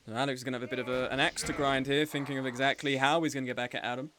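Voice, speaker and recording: A man's voice: mid-range voice, steady tone, rapid-fire, a bit bright, slight background noise. A young man giving live, joking play-by-play commentary on a game tournament as the streaming host. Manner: chatty and joking, with frequent laughs.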